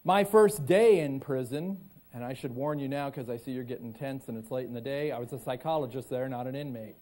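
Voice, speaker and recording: A man's voice: medium pitch, a little fast, a little mellow, a little hiss or hum. A man giving a live keynote talk as a psychologist and motivational speaker. He tells stories and leads the audience in call-and-response on a conference stage.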